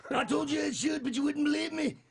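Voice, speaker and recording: A man voicing an unhinged cartoon chihuahua, high and wheezy, shouting manic threats. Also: fairly even intonation, fast, creaky. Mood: manic threatening. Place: studio.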